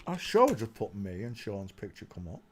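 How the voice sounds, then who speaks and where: A man's voice: lowish voice, wildly swooping pitch, normal speed, slight background noise. Ranting man on a livestream. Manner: ranting, muttering to himself while searching on screen. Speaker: livestream host. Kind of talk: rambling livestream monologue addressing chat.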